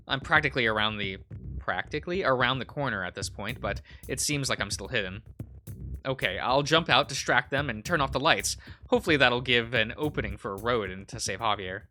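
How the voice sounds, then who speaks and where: A man's voice: medium pitch, moderate pace, pushed and bright, soft background music. A man hosting a let's play, reading a visual novel aloud in a casual way with fillers.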